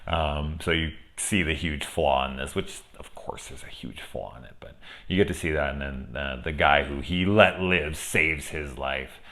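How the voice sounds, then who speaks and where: A man's voice: rumbling low, normal speed, sharp tone. A man casually reviewing a film, rambling and swearing heatedly, laughing as he goes. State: angry.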